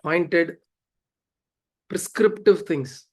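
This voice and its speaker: A man giving a spiritual discourse, animated and laughing often as he acts out quoted voices. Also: on the high side, drawn-out words. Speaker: spiritual teacher.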